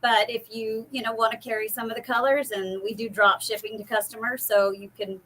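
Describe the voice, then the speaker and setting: A woman who runs a paint business talks casually and rambles, with plenty of fillers. Her voice is a little high and has a bright, tense edge. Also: level tone, brisk, slight background noise, low-quality recording. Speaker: paint company owner. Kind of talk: casual live-stream chat.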